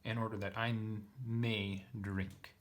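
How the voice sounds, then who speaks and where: His voice sits on the low side, level in tone and unhurried. As a Greek teacher doing a casual lesson reading, he goes through a text line by line, thinking aloud and often filling pauses or correcting himself.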